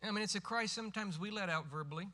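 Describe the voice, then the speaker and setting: A middle-aged man preaching a sermon as pastor, emphatic and rising to forceful cries when quoting scripture. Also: sits high, quick pace.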